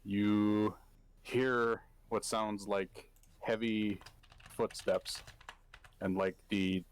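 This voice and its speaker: A man's voice: on the low side, flat delivery, very slow, slight background noise. A man narrating as game master for a tabletop game, hesitant and full of fillers.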